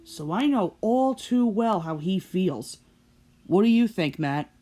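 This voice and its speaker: A woman hosts a video commentary in an earnest, reflective way, at a mid pitch. She talks thoughtfully about the episode with a guest. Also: lively intonation, takes it slowly, dark tone. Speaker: host.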